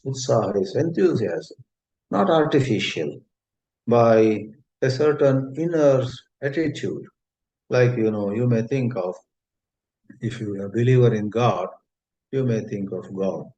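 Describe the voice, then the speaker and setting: A man with an Indian English accent giving a spiritual talk, gentle and unhurried, telling a story and rephrasing his words as he goes. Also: mid-range voice, expressive. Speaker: spiritual teacher. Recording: dull lo-fi recording.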